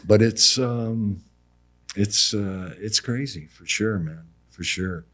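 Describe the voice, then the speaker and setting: A middle-aged American man telling family stories as a podcast guest in a casual, animated way. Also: slow. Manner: animated, mimics his mother in a high voice. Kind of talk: casual storytelling.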